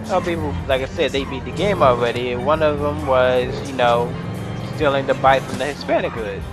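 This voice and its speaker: A young man casually commenting on his own gameplay, rambling and profane, breaking into excited shouts. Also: mid-range voice, normal speed. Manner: rambling, profane, bursts into excited yelling and laughter. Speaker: gamer narrating his gameplay. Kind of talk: casual let's-play commentary. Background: game music and sounds.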